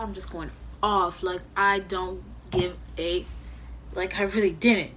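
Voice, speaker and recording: A young woman telling a storytime vlog at home in a casual, animated way, full of "you know" and "like". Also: fairly low pitch, slow, slight background noise. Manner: animated, heavy use of "you know" and "like", acts out her own angry quotes. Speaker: vlogger.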